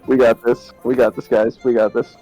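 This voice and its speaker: A man talking through his turn at a tabletop game in a giggly, animated voice. His pitch sits in the middle. Faint music plays in the background. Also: moderate pace, dull audio. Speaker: player. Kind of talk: casual tabletop game play.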